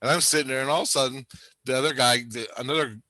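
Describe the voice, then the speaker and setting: A man's voice: mid-range voice, rapid-fire, sharp tone, no room sound. A man telling a rambling, profane story in casual chat, laughing often.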